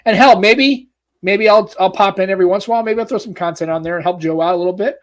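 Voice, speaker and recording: A man's voice: high-pitched, fast. An American man co-hosting a tech podcast, chatting loosely and joking, with plenty of swearing. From United States. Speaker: podcast co-host. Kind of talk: casual podcast chat.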